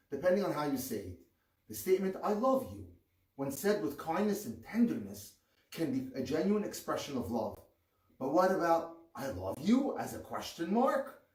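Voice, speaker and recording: A male rabbi giving an earnest, measured teaching on marriage, with pointed emphasis on key words. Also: fairly high pitch, a little mellow. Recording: echoey room, distant mic.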